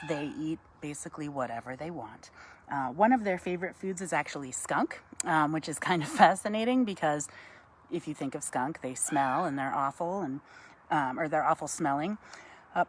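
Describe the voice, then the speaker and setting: A woman, giving a chatty live-stream talk outdoors, greeting viewers by name and cooing softly to an owl. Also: low-pitched, normal speed, a little hiss or hum. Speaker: wildlife educator.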